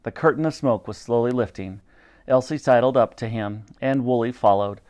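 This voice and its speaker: A man reading a children's adventure book aloud, animated and switching between character voices. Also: mid-range voice, normal speed. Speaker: storyteller.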